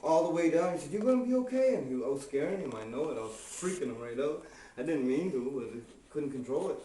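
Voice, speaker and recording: A man's voice: mid-range voice, fast talker, dark tone. A man telling a personal story in a casual, rambling way, swearing often and dropping "man" into nearly every line. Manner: profane, rambling, fills lines with "man". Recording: echoey room, distant from the mic, faint hiss.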